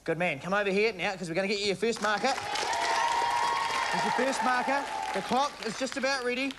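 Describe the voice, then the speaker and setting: A man's voice: high-pitched, fairly quick, a loud crowd, very noisy. A man hosting a game show, cheering and urging a contestant on. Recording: TV studio with audience and music.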